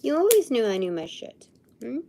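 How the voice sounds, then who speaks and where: A woman's voice: on the high side, sing-song, moderate pace, dark tone, slight background noise. A woman hosting a live intuitive session, musing and hesitant as she thinks aloud, sometimes dropping to a murmur or whisper. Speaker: livestream host.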